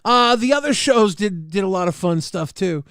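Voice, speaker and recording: A man's voice: high voice, lively intonation, normal speed, fairly bright tone, smooth, no room sound, studio quality. A man co-hosting a casual livestream chat, laughing often, swearing and reading viewer messages aloud. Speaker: co-host.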